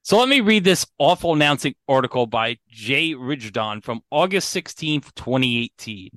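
A man's voice: medium pitch, sing-song, moderate pace, a bit bright, no room sound. A man co-hosting a podcast in casual chat, joking and quizzing his co-host.

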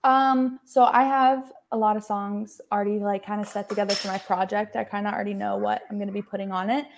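A woman's voice: mid-range voice, little pitch movement, a little fast, vocal fry, noisy background. A young woman from Texas, a singer-songwriter guest, chatting casually over a remote feed and filling her talk with "like". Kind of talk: casual interview chat. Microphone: remote call feed.

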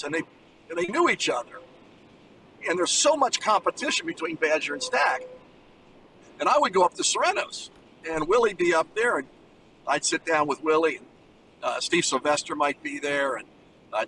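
Sixties male guest, bright tone, animated storyteller, distant phone line with faint car hum. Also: fairly high pitch, moderate pace. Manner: animated anecdote teller, acts out voices. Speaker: former college basketball player, guest. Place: riding in a moving car.

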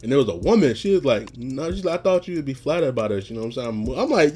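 A man hosting a podcast, telling stories in a casual, rambling monologue, often laughing and getting loud and animated when retelling something that angered him. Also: a little high, fast, husky. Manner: rambling, laughs often, frequent "you know what I'm saying".

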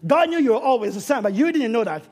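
A man preaches in a very high, husky voice. He swings between hushed stretches and loud, shouted peaks as he drives his sermon home. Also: animated, quick pace. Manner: builds to shouting, dramatic swings in delivery.

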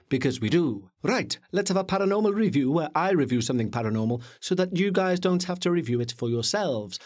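A man co-hosting a podcast, reviewing a film in a chatty, jokey, animated way. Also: fairly high pitch. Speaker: podcast co-host. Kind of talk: casual film review chat.

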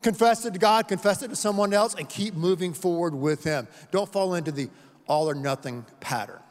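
Earnest, high-voiced preacher. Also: male voice, fairly quick, long reverb tail. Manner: earnest storytelling with repeated words and emphasis. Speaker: pastor. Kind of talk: sermon.

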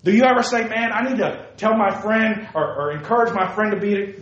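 A youth preacher with a somewhat high voice delivers a sermon to young people, a little fast and expressive, firing rhetorical questions and calling listeners by name. He swings between loud exclamations and hushed asides. The recording sounds dull and roomy, with echo off the walls.

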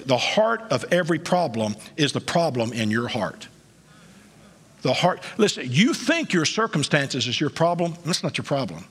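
A male pastor delivers a sermon in a husky, slightly high voice, his pitch leaping up and down as he presses each point. His emphatic preaching moves between hushed asides and loud peaks. A long reverb from the church sanctuary trails after his words.

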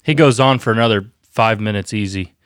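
A man's voice: on the low side, brisk, a bit bright, smooth, no echo, studio quality. A man co-hosting a podcast, chatting casually and eagerly setting up and reacting to a clip. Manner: eager, conversational, sets up and reacts to clips. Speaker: podcast co-host. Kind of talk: casual chat.

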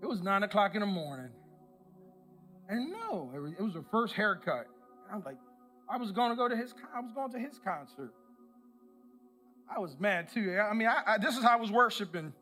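A man preaching a sermon, telling a self-mocking personal story in an animated way and acting out the people in it. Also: high voice, a little fast, pauses often, soft background music. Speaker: pastor.

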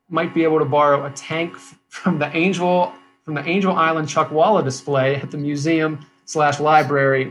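Laughing man pitching a script. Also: fairly bright tone, low-quality recording. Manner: laughing, rambling, with restarts. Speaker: podcast co-host pitching a script. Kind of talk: casual retelling of a script.

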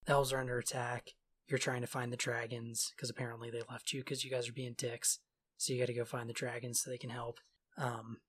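Husky man recapping a game casually. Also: medium pitch, a bit bright. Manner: sarcastic, offhand retelling with quick mock quotes. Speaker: podcast co-host recapping a game story. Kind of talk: casual chat.

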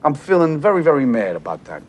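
An actor playing a volatile, hot-tempered middle-aged mob boss in film dialogue, halting and then bursting into sworn threats. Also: male voice, fairly high pitch, very animated, husky. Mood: enraged.

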